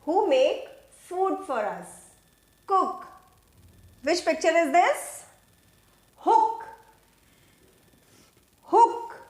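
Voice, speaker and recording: A high-voiced woman teacher, stretching every word slowly and swinging her pitch up and down as she drills young children on phonics. She sounds like she is in a roomy, echoing space. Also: sing-song. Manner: slow, drawn-out, sing-song teacher voice that repeats words for kids.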